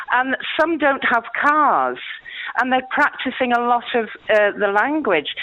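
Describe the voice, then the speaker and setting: A woman's voice: on the high side, dry recording. An older woman calling a radio phone-in, chatty, a little nervous and indignant. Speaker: caller. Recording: tinny phone line.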